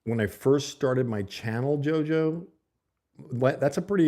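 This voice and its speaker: A man hosts a casual livestream from his home streaming setup, chatting loosely with viewers and reading their comments aloud. He sits close to a desk mic, speaking unhurriedly with a medium-pitched, warm voice.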